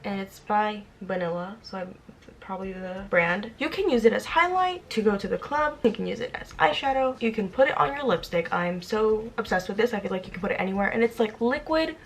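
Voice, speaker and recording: A woman in her twenties talks through her makeup routine in a casual, rambling way. She is chatty and self-deprecating, and her voice sits at an ordinary middle pitch. A faint hum of noise runs under the recording. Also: lively intonation, fairly quick. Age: 20s. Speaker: vlogger. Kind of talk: casual get-ready-with-me chat.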